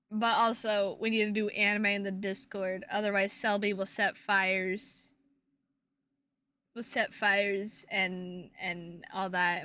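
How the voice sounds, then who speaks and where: Bright, playful woman streamer. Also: mid-range voice, clear, resonant tone. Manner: playful, swearing, teasing. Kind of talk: casual stream chat with viewers.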